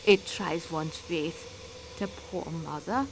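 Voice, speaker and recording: Grave elderly woman, very low and slow, over hissy game audio. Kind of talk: video game voice acting.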